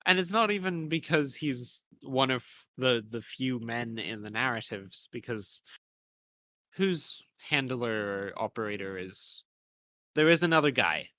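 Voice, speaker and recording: A man chatting as a podcast co-host, his voice bright and forward. He rambles, circling back with "like" and little restarts, in a relaxed conversational way. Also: medium pitch, a little slow, no room sound. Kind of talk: casual discussion.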